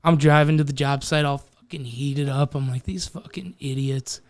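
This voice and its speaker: A young man telling a story on a podcast, swearing a lot and talking in an animated way. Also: mid-range voice, normal speed, no echo. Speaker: podcast co-host. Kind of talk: casual chat.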